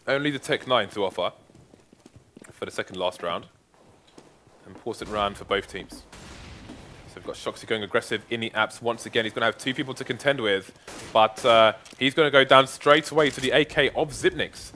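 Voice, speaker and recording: Bright-voiced male esports co-caster. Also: mid-range voice, a little hiss or hum. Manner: emphatic, playful hype. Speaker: esports co-commentator. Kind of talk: live color commentary.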